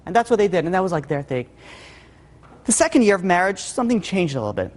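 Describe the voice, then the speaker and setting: A man's voice: high-pitched, big pitch swings, fast talker. A male rabbi telling a story in a sermon, casual with lots of "like" and "you know". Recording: long hall reverb.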